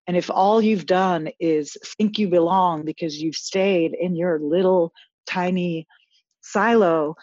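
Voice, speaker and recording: Woman guest, coach type, earnest, restarts a lot; low-ish voice, dry dull recording. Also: fairly even intonation, slow, darkish tone, dry recording. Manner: earnest, reflective, frequent restarts. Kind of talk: casual interview chat.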